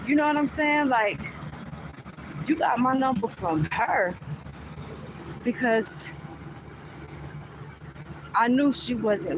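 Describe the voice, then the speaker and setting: A woman's voice: fairly high pitch, animated, slow, long pauses, background noise. A woman vlogger telling a casual storytime in a chatty way, often asking "you know what I'm saying".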